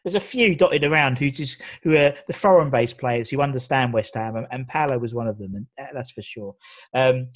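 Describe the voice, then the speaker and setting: A man's voice: mid-range voice, brisk, no echo. A man interviewing a guest, asking questions and giving frequent short agreements.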